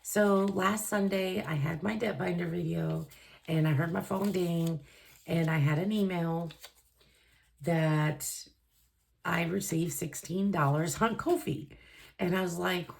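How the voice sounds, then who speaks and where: A woman's voice: lowish voice, a little mellow. A woman budgeting vlogger chatting casually to camera, gushing and emotional, with a lot of fillers. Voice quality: gravelly, creaky voice.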